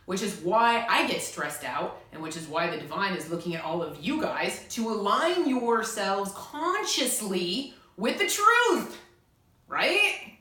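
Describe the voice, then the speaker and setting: Very animated and a little slow, her medium-pitched voice has a sharp tone. She's a young woman from the United States with a self-styled spiritual channel, giving an emphatic, pleading monologue to camera with lots of repetition, in a very echoey room.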